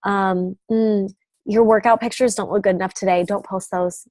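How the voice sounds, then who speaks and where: A woman voicing a nagging inner voice of self-doubt in a hushed, half-whispered, undermining tone. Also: mid-range voice, steady tone, moderate pace, no room sound, close to an everyday voice. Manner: undermining, discouraging.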